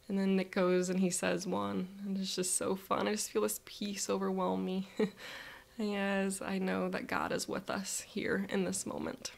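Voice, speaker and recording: A woman leading a guided visualization, telling a relaxed, chatty first-person story in the present tense. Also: mid-range voice, unhurried, gravelly.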